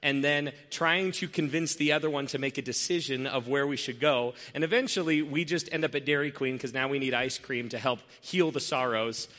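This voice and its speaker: A young man, a pastor, giving a sermon in a relaxed, conversational storytelling way. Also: mid-range voice, brisk, hardly any pauses, in a large hall. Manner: conversational storytelling, self-deprecating.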